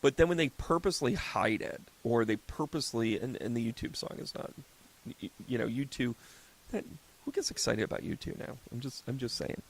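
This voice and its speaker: A gravelly-voiced man in his fifties hosts a casual solo podcast as a psychic medium. Medium-pitched, animated and a little fast, he rambles and jokes, acting out little scenes as he tells stories.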